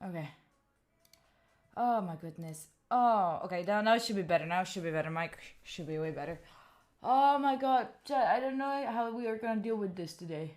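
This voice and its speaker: A woman's voice: medium pitch, expressive, normal speed, darkish tone. A woman, a live streamer chatting casually with her viewers and thinking aloud while she sets up. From Italy. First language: Italian. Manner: chatty, thinks aloud, talks straight to chat.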